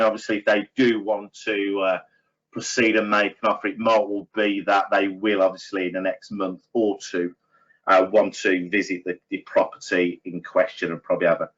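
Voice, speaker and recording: A man's voice: fairly low pitch, fairly bright tone, lo-fi sound. A middle-aged man giving a webinar training talk to estate agents, chatty, with many fillers and self-deprecating asides.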